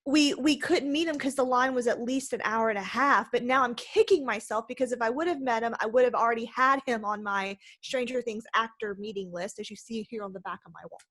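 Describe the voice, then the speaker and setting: A woman's voice: a little high, fairly quick, hardly any pauses, a bit bright. A woman co-hosting a casual podcast, bubbly and enthusiastic as she chats. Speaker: podcast co-host.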